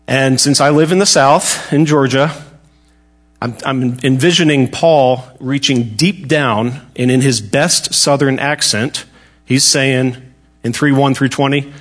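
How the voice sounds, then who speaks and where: A man's voice: medium pitch, measured pace. A man teaching a Bible study lesson in a casual, conversational way, joking now and then and often restarting his sentences.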